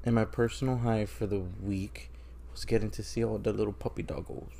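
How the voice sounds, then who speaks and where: A young man co-hosting a podcast, chatting casually and teasing his co-host with quick questions. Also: fairly low pitch, little pitch movement, vocal fry, mellow, slight background noise. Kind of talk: casual chat.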